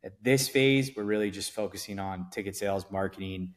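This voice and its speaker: A man with a fairly low voice talks loosely on a podcast. He rambles, restarts his sentences and leans on fillers, easygoing throughout. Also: brisk. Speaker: event promoter guest. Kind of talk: casual podcast interview.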